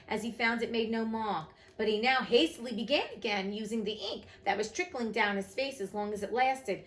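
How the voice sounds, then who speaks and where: A woman's voice: medium pitch, moderate pace, few pauses, low-quality recording. A woman reading a classic storybook aloud, with chatty, emotional asides to listeners. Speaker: reader of classic books.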